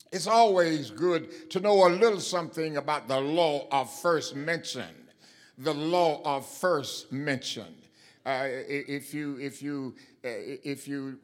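A man preaching a sermon as a Bible lesson, talking deliberately with many fillers and leaning hard on stressed words. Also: a little high.

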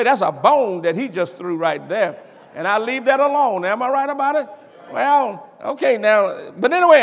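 A man preaching a sermon, rising to shouted emphasis and calling out questions to the congregation. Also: high-pitched, in a large hall.

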